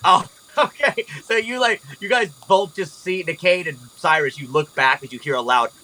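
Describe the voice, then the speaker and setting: A man narrates a tabletop game as game master in a bright, fairly high voice. He talks casually and loosely, filling his sentences with likes and ums. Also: moderate pace, poor audio. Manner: casual, laughing, filler-heavy.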